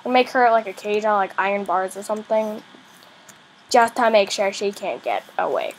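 A female gaming YouTuber chatting excitedly as she plays, often squealing and shouting at the game. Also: medium pitch, normal speed, a little hiss or hum, low-quality recording. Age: young girl per page; adult voice unsure. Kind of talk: game commentary.

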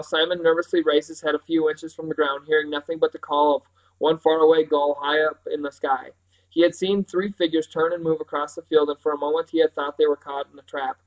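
A man with a fairly high voice reads a novel aloud in a measured, expressive storytelling manner. He carries the narration steadily from scene to scene. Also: low-quality recording. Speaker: audiobook reader.

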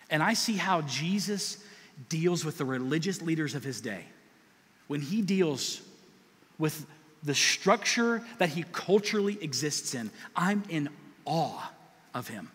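A man preaching a sermon as pastor, animated and conversational, with asides to the congregation. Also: a little high, a little slow, pauses often, breathy edge, big-room sound.

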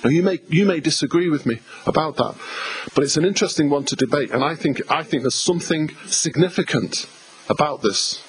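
English male pastor, conversational emphatic sermon with repetition, a touch high in pitch, light background noise. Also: a little fast, rough recording. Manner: emphatic, repetitive, conversational preaching with asides to the congregation. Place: church hall.

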